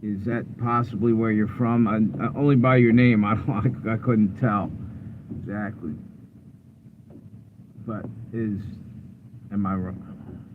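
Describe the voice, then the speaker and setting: A man from Delaware chatting casually with viewers during a live stream from his parked car, low-key and tired. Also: steady tone, slow, pauses often. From Delaware, USA. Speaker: livestream host. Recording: phone-like audio with clear road and car noise.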